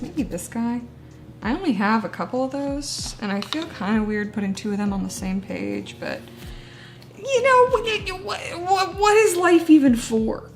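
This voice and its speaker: A woman chatting casually while she decorates a journal page, self-deprecating and laughing often. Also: medium pitch. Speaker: booktuber. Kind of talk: casual chat while crafting.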